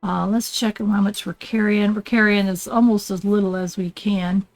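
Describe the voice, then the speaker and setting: An older woman hosting a relaxed let's play, chatting and rambling as she plays and often getting sidetracked. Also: mid-range voice, normal speed, low-quality recording. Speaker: gaming channel host. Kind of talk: casual let's play commentary.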